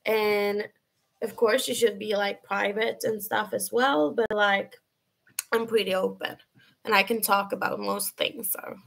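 Slow-talking woman streamer. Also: mid-range voice, fairly even intonation, vocal fry, a bit bright. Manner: chatty, rambling, heavy use of "like". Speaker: livestream host. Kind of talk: casual livestream chat.

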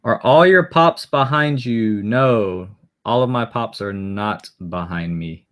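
A man's voice: lowish voice, takes it slowly, fairly bright tone. A man chatting casually on a live stream, rambling and answering viewer comments aloud as he goes.

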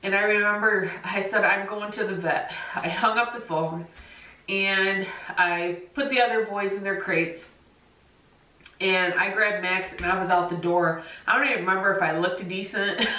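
A woman's voice: medium pitch, pushed and bright. A middle-aged woman vlogging, telling a personal story to her viewers in a candid, chatty, heartfelt way. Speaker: dog-owner vlogger. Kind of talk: casual storytelling to camera. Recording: echoey room, voice a bit far from mic.

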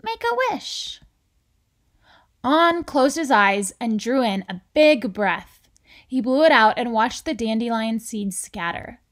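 A woman reading a children's picture book aloud in a gentle, deliberate storytelling manner. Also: on the high side, lively intonation. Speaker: reader.

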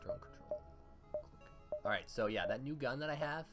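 A man casually commenting on his own gameplay, chatty and getting loud and excited when things go wrong. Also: medium pitch, moderate pace. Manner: chatty, gets loud and excited during fights. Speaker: gaming channel host. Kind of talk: let's play commentary. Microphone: desktop mic with face cam. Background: game music.

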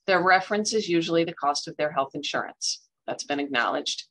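Bright-voiced woman reading formal testimony. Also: sits low, rough recording. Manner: formal, measured. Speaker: health plan association executive. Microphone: video call.

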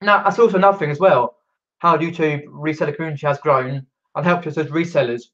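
Here the British streamer speaks quickly, his fairly bright voice sitting on the high side, as he reads viewers' comments and rambles with frequent fillers and restarts. The camera mic in his downstairs room at home cuts off the highs.

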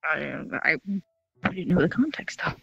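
A woman's voice: low voice, big pitch swings, measured pace, gravelly, a bit bright, breathy edge, dry recording, highs cut off, faint music behind. A woman in casual VR game chat, hesitant and unsure when she answers.

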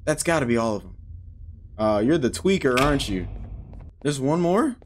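A man playing a video game and commenting as he goes, swearing and yelling at the game, animated and quick to get angry. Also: medium pitch, slight background noise. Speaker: gaming video host. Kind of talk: let's play commentary.

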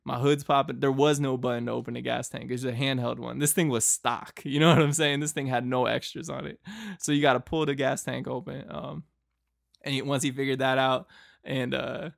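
A man's voice: medium pitch, level tone, brisk, vocal fry, no echo, studio quality. A young man from Boston, hosting a podcast and telling a travel story in a loose, rambling way, full of fillers and laughs. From Boston, United States. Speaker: podcast host.

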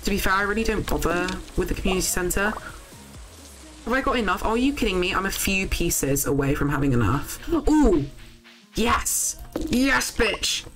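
Lively, excitable woman streamer. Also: fairly low pitch, brisk, faint music behind, poor audio. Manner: excitable, swears freely, chats to viewers. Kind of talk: casual live game commentary.

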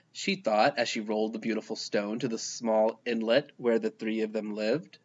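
A man reading a children's picture book aloud, expressive and playful, giving the characters their own voices. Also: fairly low pitch, moderate pace, hardly any pauses, muffled recording. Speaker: storybook reader.

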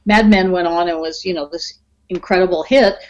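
A woman's voice: on the low side, steady tone, a little fast, a little mellow. Chatty woman on a muffled line. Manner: chatty, laughs easily, many fillers. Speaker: guest screenwriter. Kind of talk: casual podcast interview. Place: in Los Angeles.

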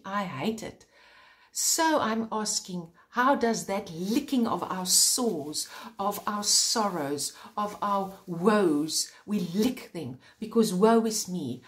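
Woman, preacher, earnest informal sermon, pausing often, mid-pitched voice. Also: expressive. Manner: earnest, pausing often, sharpening into fervent emphasis.

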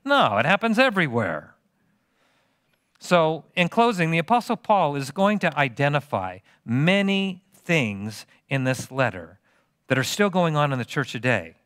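Animated pastor preaching, lively and dry. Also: male voice, on the high side, a little slow, no echo. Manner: animated, teasing questions to the congregation. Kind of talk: sermon.

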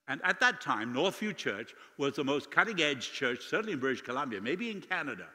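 Lively, bright-voiced male preacher. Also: medium pitch, brisk, hardly any pauses. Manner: animated, acting out dialogue. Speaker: guest preacher. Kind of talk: sermon storytelling. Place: church sanctuary. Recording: long church hall reverb.

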